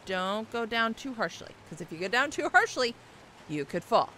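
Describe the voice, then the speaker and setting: Hoarse woman reacting as she plays. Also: on the high side, big pitch swings, moderate pace, sharp tone, slight background noise. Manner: reactive, exclaiming, talks to the game. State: hoarse, losing voice. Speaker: let's play gamer. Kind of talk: gameplay commentary.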